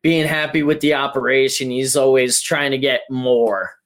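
A man co-hosting a podcast, talking casually with frequent pauses and fillers. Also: mid-range voice, fairly even intonation, fairly bright tone. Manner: halting, full of "like" and "um". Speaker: podcast co-host. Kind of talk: casual chat.

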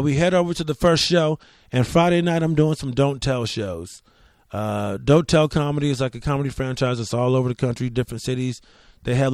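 A man's voice: a little high, darkish tone, dry recording, clean studio sound. A man hosting a comedy podcast, telling road stories in a loose, profane, joking ramble. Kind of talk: casual solo storytelling.

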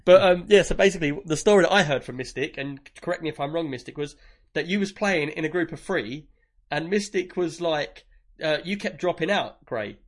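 A man's voice: a little high, fairly quick. A man, telling a gaming story in casual podcast chat and acting out the other players. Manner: animated storyteller, acts out others.

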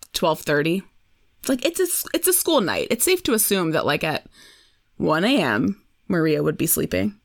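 Wry female podcast co-host, animated intonation, dry studio sound. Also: lowish voice, no room sound. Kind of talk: casual chat recapping a TV episode.

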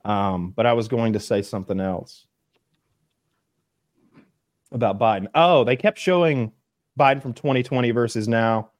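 A man chatting casually on a podcast, rambling and animated, now and then mimicking other voices. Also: mid-range voice, moderate pace, long pauses, no echo, clean studio sound.

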